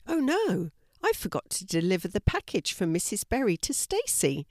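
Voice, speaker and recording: A woman's voice: mid-range voice, wildly swooping pitch, moderate pace, dry recording, studio quality. A woman reading a storybook, voicing a cheerful, helpful young girl in a raised, eager voice. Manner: bright, eager, friendly.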